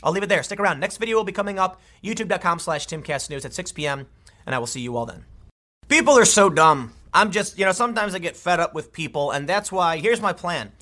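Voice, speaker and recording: A man delivering opinionated news commentary with a lively, bright, high-pitched voice. He sounds exasperated and sarcastic, tossing in quick asides as he talks. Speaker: political commentator.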